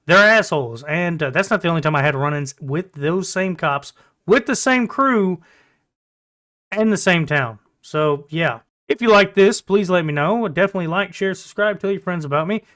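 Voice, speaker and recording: A man's voice: high voice, normal speed, fairly bright tone. A man telling a personal story in a casual, blunt and profane way to his viewers. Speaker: storytelling vlogger.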